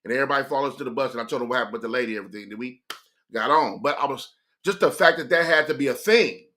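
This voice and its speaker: Bright-voiced man telling a story. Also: mid-range voice, very fast. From California. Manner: animated, slangy, stop-and-start. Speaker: streamer. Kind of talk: casual storytelling.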